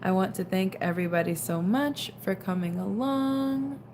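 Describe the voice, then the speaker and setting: A woman's voice: mid-range voice, animated, moderate pace, darkish tone, slight background noise. A young woman casually chatting on a late-night livestream, reading out viewer comments and sounding tired. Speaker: livestream host.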